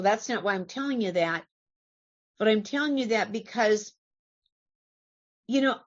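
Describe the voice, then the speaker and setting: A woman's voice: mid-range voice, dull audio. A woman from California giving an earnest, conversational talk to a recovery meeting, asking her listeners questions as she goes.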